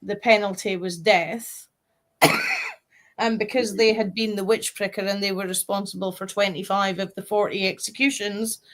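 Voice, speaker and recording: A woman in casual podcast chat, recounting history plainly and steadily. She has a mid-pitched voice and sounds relaxed. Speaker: podcast co-host.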